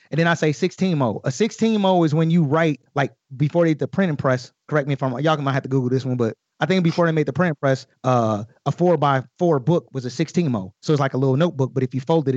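A man talking casually as a podcast guest, explaining his own rap lyrics in an animated way with many fillers. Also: fairly high pitch, a little fast, hardly any pauses, no echo, lo-fi sound. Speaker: guest recording artist.

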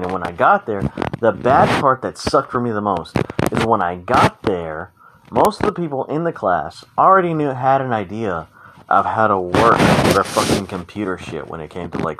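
A young man with a lowish voice rambles through a frank, profane solo podcast monologue. He keeps restarting his sentences and acts out what other people said. A steady noise sits under the recording. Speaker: podcast host. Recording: noticeable background noise.

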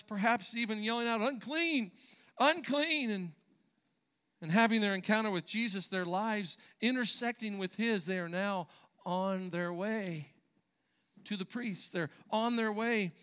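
A man's voice: high-pitched, bright, forceful tone, clean tone. A man preaching a sermon in church, earnest and emphatic, sometimes restarting his phrases. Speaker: pastor.

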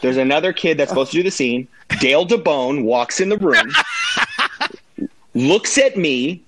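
A podcast guest, a man, tells his stories in a casual, animated way, swearing freely and laughing as he goes. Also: fairly high pitch, measured pace, very noisy. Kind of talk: casual storytelling.

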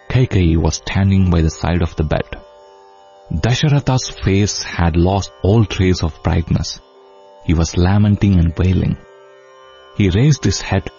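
A man narrating an epic tale in a measured, solemn, steady manner. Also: low voice. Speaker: storyteller. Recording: dull lo-fi audio. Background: faint sitar music.

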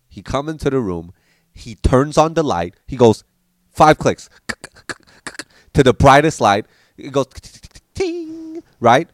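A man telling childhood stories in a loose, animated way, slipping into the voices of his family. His pitch sits in the middle, and the recording is dry and close. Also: dry recording. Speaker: podcast storyteller. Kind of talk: casual storytelling.

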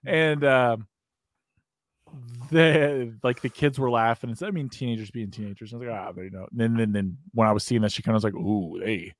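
A man with an American accent from the United States hosts a podcast, delivering a long, profane, rambling story in casual chat and often breaking into laughter. His mid-range voice keeps a fairly even intonation at a slightly fast pace, with no room sound.

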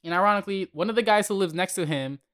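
A young man hosting a podcast, telling neighborhood stories in a heated, profane, animated way. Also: high-pitched, very fast, clear, resonant tone, no echo, clean studio sound. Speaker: podcast host. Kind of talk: casual storytelling rant.

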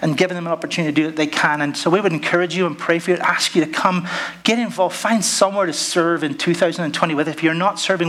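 A man's voice: a little high, a bit bright, a little hiss or hum. A man who is a pastor, giving earnest, rambling encouragement from the pulpit during a church service.

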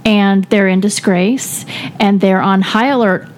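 A woman co-hosting a faith discussion, reflective, slow and earnest. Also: medium pitch, steady tone, darkish tone, slight background noise.

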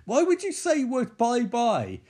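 A man giving sweary, excitable running commentary on a movie. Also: extremely high pitch, a little slow.

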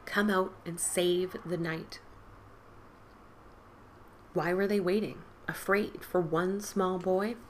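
A woman podcast host reading a spooky story aloud in an expressive storybook style, dropping to whispers and rising for the characters' cries. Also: on the low side, slight background noise. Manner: dramatic, drops to whispers and lifts for quoted boys' cries.

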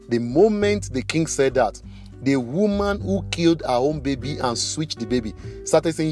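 A man's voice: mid-range voice, expressive, moderate pace, darkish tone. A man preaching a sermon, retelling Bible stories and acting out the people in them. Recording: faint guitar music behind.

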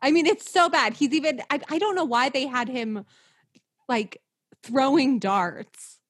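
A woman's voice: sits high, a little slow, breathy edge. A young woman chatting casually about a movie, laughing often, using lots of fillers and a sarcastic edge. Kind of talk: casual movie review chat.

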